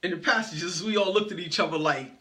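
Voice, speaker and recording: A man's voice: sits high, fast talker, bright, forceful tone. A man giving a motivational speech as a story, playfully greeting audience members by name. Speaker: motivational speaker.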